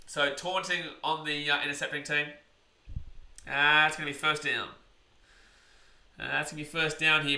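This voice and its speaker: A man giving live play-by-play reactions on a stream, chatting with viewers and shouting over big plays. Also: on the high side, little pitch movement, normal speed, pauses often, reverberant.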